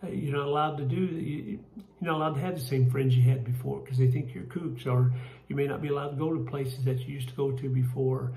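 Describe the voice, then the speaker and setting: A man with a Kentucky accent leading a church Bible study, folksy and halting, with many fillers and restarts. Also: mid-range voice, steady tone, gravelly, dark tone, echoey room, poor audio. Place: church room.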